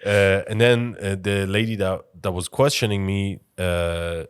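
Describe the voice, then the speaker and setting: A man's voice: sits low, fairly even intonation, a little slow, clear, resonant tone, dry recording, clean studio sound. A young man from Iran with a mixed Iranian-English accent, co-hosting a podcast and telling stories animatedly, swearing freely. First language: Farsi. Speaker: podcast co-host. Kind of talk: casual storytelling chat.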